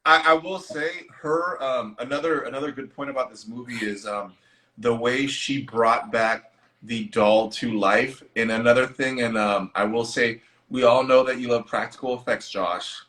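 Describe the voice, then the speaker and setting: Brief: male co-host, casual movie chat, bright tone, animated and profane. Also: mid-range voice, normal speed, rough recording. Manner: excitable, laughing, swears freely. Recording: online live stream.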